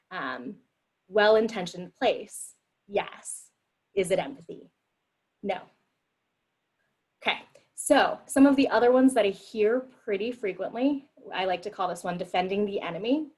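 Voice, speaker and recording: An upbeat woman guides a group discussion on empathy over a video call. She acts out quoted replies with a lift in her voice, and her pitch sits in the middle range. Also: low-quality recording. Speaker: meeting facilitator.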